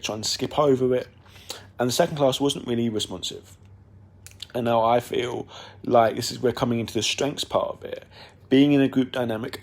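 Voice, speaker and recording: A young podcast host rambles through a casual monologue with many fillers and restarts. His voice is mid-range and darkish, with vocal fry.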